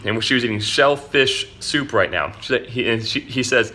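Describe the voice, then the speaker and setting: A man's voice: medium pitch, normal speed, sharp tone. A man telling a story casually as an online marketing vlogger, chatty and slangy. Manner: chatty, slangy, says "dude" a lot.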